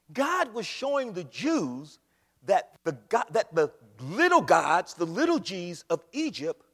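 A man preaching a sermon to his church, swinging between loud, shouted exclamations and hushed, whispered appeals. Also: high-pitched, breathy edge. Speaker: pastor. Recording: long hall reverb.

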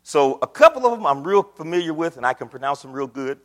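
A man preaching a sermon in a church with a folksy manner, his pitch leaping up on questions. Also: sing-song, fast, a bit bright, big-room sound. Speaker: pastor. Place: church sanctuary. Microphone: microphone on a stand.

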